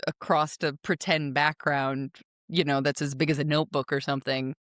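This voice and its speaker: A woman's voice: sits low, flat delivery, normal speed, a bit bright, no echo, clean studio sound. A woman hosting a podcast, talking in a chatty, rambling way and laughing easily. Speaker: podcast host. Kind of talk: casual interview chat.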